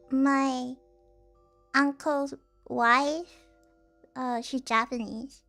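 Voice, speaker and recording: A woman's voice: sits high, fairly bright tone. A young woman streamer telling a rambling story in casual chat, full of fillers and restarts.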